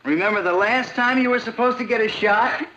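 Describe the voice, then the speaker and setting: A lovesick teenage boy, earnest and a little sulky about being left behind. His voice is high and bright, and the sound is dull like an old TV soundtrack. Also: brisk, slight background noise.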